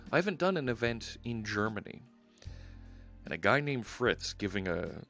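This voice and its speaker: A man's voice: mid-range voice, a bit bright. Man, coding stream host, casual, chatty, self-correcting, faint music behind. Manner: chatty, upbeat, rambling with frequent restarts. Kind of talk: casual livestream chat while coding.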